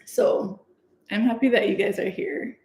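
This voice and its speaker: A young woman from Canada, chatting excitedly and giggling as she hosts her own livestream. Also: mid-range voice, measured pace. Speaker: livestream host. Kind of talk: casual livestream chat. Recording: echoey room.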